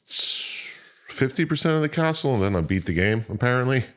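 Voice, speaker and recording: A man's voice: mid-range voice, animated, moderate pace, fairly bright tone. A man co-hosting a gaming podcast, talking in a laid-back way, swearing casually and laughing often. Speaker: podcast co-host. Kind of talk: casual chat.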